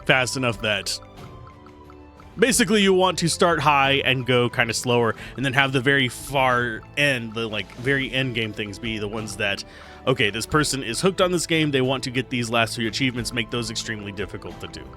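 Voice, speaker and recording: Bright-voiced man thinking aloud over gameplay. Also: mid-range voice, a little fast, soft background music. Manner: musing, analytical, thinking aloud. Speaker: game reviewer, let's player. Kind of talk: casual gameplay commentary.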